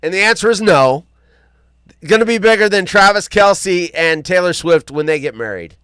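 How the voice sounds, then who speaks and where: A man's voice: sits high, normal speed, smooth, no room sound. A man hosting a live show, chatting casually, joking and reading viewer comments aloud. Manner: animated, joking, reads chat comments aloud. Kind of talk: casual live-stream chat.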